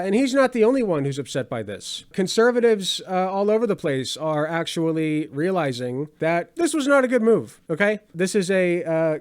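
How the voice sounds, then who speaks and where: A man hosting a political commentary show, talking in a sarcastic, conversational way with dry asides. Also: high-pitched.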